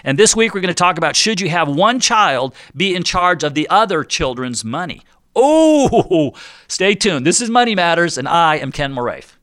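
A man hosts a radio talk show, chatty and joking at his own expense. His voice is bright and crisp, a little higher than most men's, and it sits close and dry on the mic with no room sound. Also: big pitch swings, moderate pace, dry recording. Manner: jokey, chatty, self-deprecating.

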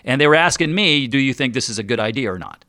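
Bright, crisp-voiced radio host. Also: male voice, medium pitch, expressive, fast talker, no room sound, clean studio sound. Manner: jokey, chatty, self-deprecating. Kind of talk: radio talk show.

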